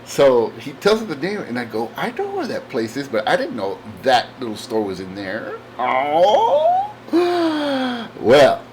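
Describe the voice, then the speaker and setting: A man's voice: mid-range voice, big pitch swings, moderate pace, few pauses, heavy background noise. A man hosting his own comic book channel, chatting casually in a rambling, enthusiastic way with lots of fillers. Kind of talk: casual chat.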